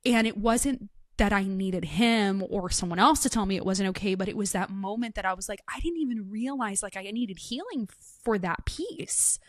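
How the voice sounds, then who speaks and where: A woman hosting a casual interview, telling personal stories in an animated way and acting out the voices of the people in them. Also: mid-range voice, moderate pace, hardly any pauses, no room sound, clean studio sound. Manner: animated storyteller, acts out quoted voices. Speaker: host.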